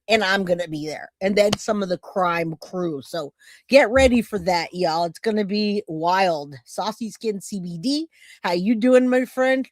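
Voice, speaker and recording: A woman's voice: mid-range voice, measured pace, dry recording, studio quality. Chatty woman hosting a live stream. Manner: chatty, rambling, greets viewers by name. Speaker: livestream host. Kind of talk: casual live chat with viewers.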